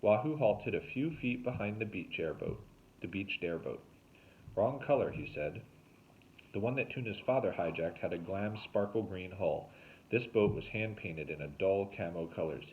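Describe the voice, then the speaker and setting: A man, a teacher, reading a novel aloud with expressive storytelling. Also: normal speed, slight background noise. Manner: expressive storytelling with lively pitch. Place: home, remote recording. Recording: tinny phone-like sound.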